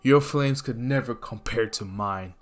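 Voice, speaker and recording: A man's voice: mid-range voice, measured pace, soft background music, voice pushed down, close to an everyday voice. A man voicing a cocky young male hero who taunts his rival in a smug voice. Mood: taunting.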